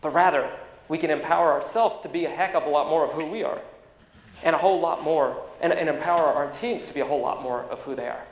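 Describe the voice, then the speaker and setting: A man giving a motivational keynote speech, an energetic storyteller who swings in pitch and loudness. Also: fast. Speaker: keynote speaker. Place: large conference hall. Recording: echoey conference hall with long reverb.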